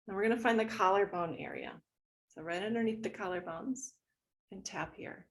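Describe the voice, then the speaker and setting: A woman leading a guided tapping meditation, speaking gently and instructively as she walks listeners through each point. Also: lowish voice, sing-song, creaky. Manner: gentle, instructive, slow and soothing.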